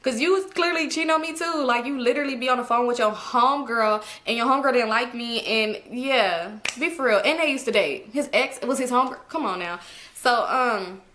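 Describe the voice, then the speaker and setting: A woman spins a casual storytime, her voice a touch high and very bright. She is animated and swears freely, laughing through her own story. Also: fairly quick. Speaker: storytime vlogger.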